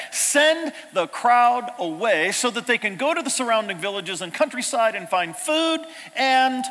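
A man preaching a sermon as pastor, animated, swinging between loud exclamations and hushed asides. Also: high voice. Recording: long reverb of a large hall.

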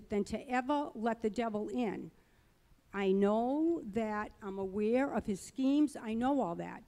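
A woman's voice: fairly high pitch, mellow, in a large hall. A middle-aged woman giving a personal testimony at church, earnest and conversational, rambling a little as she talks. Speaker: church speaker.

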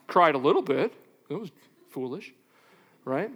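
A man preaching a sermon as pastor, animated, asking rhetorical questions and playing out little back-and-forth exchanges. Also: fairly high pitch, measured pace, pauses often, husky, big-room sound.

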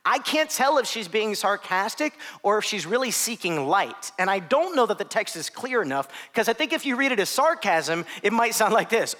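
A man preaching a sermon in a conversational way, with self-deprecating asides, often dropping to soft hushed phrases. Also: high voice, expressive, fairly quick, hardly any pauses. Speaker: pastor.

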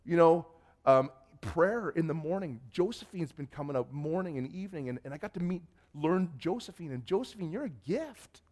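A male pastor preaching a sermon and telling personal stories, animated and swinging between loud bursts and hushed asides. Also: fairly high pitch, fairly quick.

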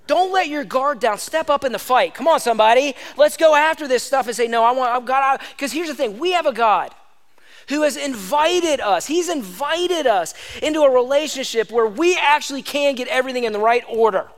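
Man, pastor, sermon, emphatic, repeats for stress, high voice, reverberant church hall. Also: animated, fairly quick.

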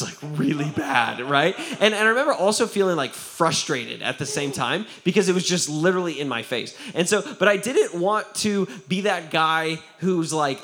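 A male pastor telling a personal story in a sermon, animated and laughing, often breaking off and restarting his sentences. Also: a little high. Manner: animated, laughing, self-interrupting.

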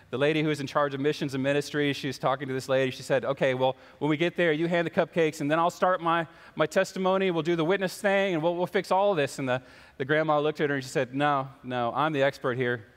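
A pastor preaching to his congregation, his voice sitting a little high for a man. He tells stories and slips into the voices of the characters. The sound carries a long reverb from a big church hall. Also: fairly even intonation, quick pace, clear, resonant tone. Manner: storytelling, acts out the voices in his anecdotes. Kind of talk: sermon. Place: church sanctuary.

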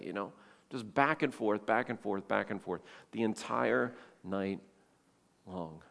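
A man's voice: on the low side, slow pace, creaky, fairly bright tone. Man preaching a sermon in a reverberant hall. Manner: storytelling, acting out quoted voices. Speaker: pastor.

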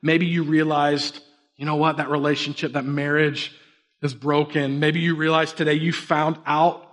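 A man in his thirties preaching a sermon, an energetic storyteller who shifts between hushed, earnest moments and sudden emphatic bursts. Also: a little high, normal speed. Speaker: pastor.

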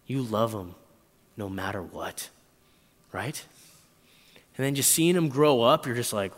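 Male preacher, animated storyteller, expressive range, echoey hall. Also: medium pitch. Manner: animated storytelling with quick voice swings, frequent "right?". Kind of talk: sermon.

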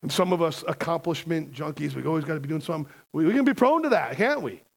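A man's voice: a little high, expressive, quick pace, vocal fry. A man preaching a sermon as a pastor, emphatic and conversational, often asking the congregation questions.

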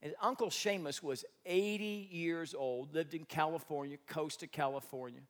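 A man preaching a sermon as pastor, animated, swinging between loud bursts and quiet, reflective stretches. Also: fairly high pitch, normal speed.

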